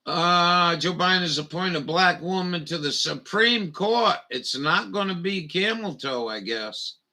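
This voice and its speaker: A man's voice: sits high, lively intonation, measured pace, sharp tone. A man grumbling and swearing as he rambles through a live stream, muttering to himself as he reads.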